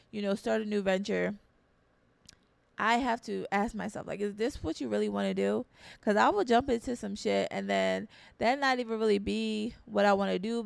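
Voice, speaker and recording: A woman's voice: mid-range voice, creaky, no room sound. A young woman hosting a podcast, talking in an earnest, conversational way with slangy phrasing, repeating her key points. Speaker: podcast host. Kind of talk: casual motivational talk.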